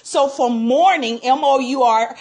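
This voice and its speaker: A woman coaching viewers through heartbreak in a live talk, her voice sitting high. She speaks emphatically and keeps repeating key phrases in a preacher-like rhythm. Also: a little slow, darkish tone. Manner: emphatic, repetitive, preacherly cadence. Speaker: relationship coach. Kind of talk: live-stream advice talk.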